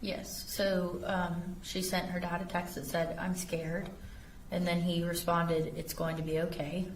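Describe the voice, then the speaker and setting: Woman, witness testimony, low voice, measured factual reading, distant mic, echoey courtroom. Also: flat delivery, a little hiss or hum. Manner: reads text messages aloud in a measured, factual way. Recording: roomy courtroom audio from a distance.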